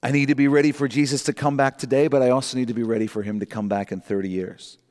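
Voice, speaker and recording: Pastor preaching in a reverberant church. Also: male voice, fairly even intonation, darkish tone. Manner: emphatic, rising pitch on key points, slows to read scripture. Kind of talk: sermon. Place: church sanctuary. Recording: long hall reverb.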